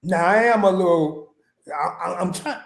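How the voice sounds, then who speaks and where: High-voiced man telling a story. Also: moderate pace. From small-town Arkansas. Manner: laughing, rambling storyteller with frequent restarts. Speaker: podcast guest. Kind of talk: casual storytelling chat. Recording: echoey room.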